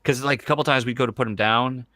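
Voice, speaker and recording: A man's voice: mid-range voice, fairly even intonation, quick pace, pushed and bright, no echo. A man in his thirties hosting a podcast in casual chat, rambling and full of fillers like "like" and "you know". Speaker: podcast host.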